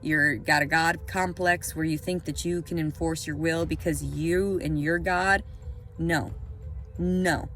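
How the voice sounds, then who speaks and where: A young woman ranting to camera in a vlog, angry and profane, swinging between quiet brooding and loud outbursts. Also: on the low side. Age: young adult. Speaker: vlogger. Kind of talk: emotional rant to camera.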